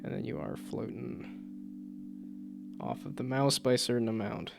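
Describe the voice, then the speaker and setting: A man's voice: mid-range voice, moderate pace, vocal fry, noisy background. A man streaming as a VTuber while he codes a game, thinking aloud with playful asides and muttered checks to himself. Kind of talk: casual live-stream chat while coding. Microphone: desk microphone with loud keyboard clicks. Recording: music playing under a live stream. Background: guitar music.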